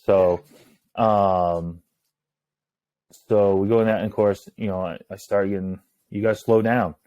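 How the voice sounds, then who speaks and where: A man, a hunting guide, telling a story in casual talk, acting out the lines of others in a hushed voice. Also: lowish voice, unhurried, no room sound, dull audio. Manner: animated, acts out quoted lines in a hushed voice.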